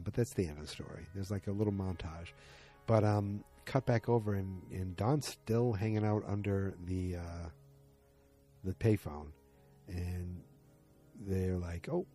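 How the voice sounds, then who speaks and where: A man with a low, mellow voice walks through a TV episode in a loose, chatty way. He acts out each character's lines in quick shifting voices and pads his talk with fillers. Soft music plays behind him. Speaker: show recapper. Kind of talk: casual episode recap.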